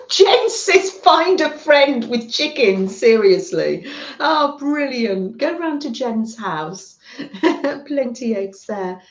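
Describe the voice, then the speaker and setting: A woman's voice: on the high side, big pitch swings, slow pace. A middle-aged woman from the UK hosting a craft livestream, gushing and chatting with her viewers. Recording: roomy, dull lo-fi home stream audio.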